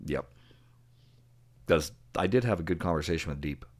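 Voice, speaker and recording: Low-voiced chatty podcast man. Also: lively intonation, moderate pace. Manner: chatty, laughs often, trailing fillers. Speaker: podcast co-host. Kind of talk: casual chat.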